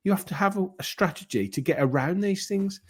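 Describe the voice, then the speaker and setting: A man's voice: sits high, expressive, fairly quick, husky. A man hosting his own football fan channel, giving his opinions in a casual, rambling monologue. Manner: conversational, rambling with fillers and restarts.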